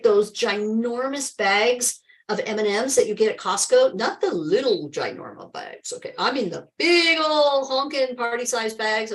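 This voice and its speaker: A woman's voice: lowish voice, poor audio. A woman talks straight to her live-stream viewers as a health coach, calling them by name. She is emphatic and chatty, full of exclamations, with remarks of faith mixed into her advice.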